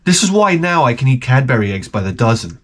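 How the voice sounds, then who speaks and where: A middle-aged man rants in a rambling, profane, animated way, full of restarts. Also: medium pitch, fast talker. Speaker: vlogger. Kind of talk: profane comic rant.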